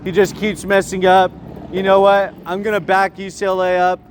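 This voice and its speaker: A man's voice: high-pitched, flat delivery, normal speed, slight background noise, voice pushed up, natural voice. Young man doing an older male politician, boastful, blustering, rambling.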